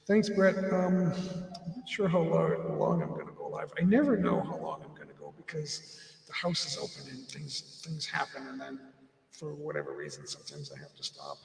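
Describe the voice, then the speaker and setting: Casual stream host, middle-aged man, chews while talking, lively pitch, distant echoey room. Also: gravelly. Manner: rambling, talking while chewing. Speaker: livestream host. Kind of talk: casual rambling livestream chat.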